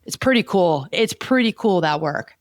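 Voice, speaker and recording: A woman's voice: lowish voice, animated, moderate pace, dry recording, clean studio sound. A woman therapist hosting a podcast, explaining ideas in a teaching way and checking in with "okay?" as she goes. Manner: didactic, repeats key points with "okay?".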